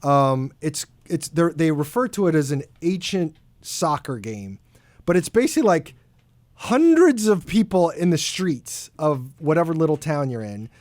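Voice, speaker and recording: A man's voice: on the high side, sing-song, unhurried, a little mellow, no echo. Bantering man on a sports podcast. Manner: joking, teasing banter. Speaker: podcast co-host. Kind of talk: casual sports podcast chat.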